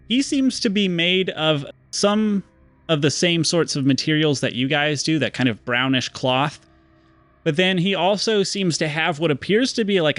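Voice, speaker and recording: A man's voice: a little high, fairly bright tone, dry recording. Man narrating as game master. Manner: descriptive, slows down for dramatic moments.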